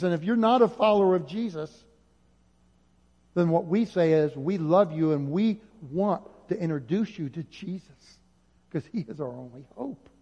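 A male pastor preaching an impassioned sermon, rising at times to near shouting. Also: high voice. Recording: dull audio with long hall reverb.

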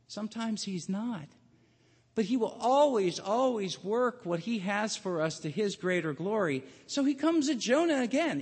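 A man preaching a sermon and telling the story dramatically, his voice swinging between loud and hushed. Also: sits high, breathy edge, long reverb tail.

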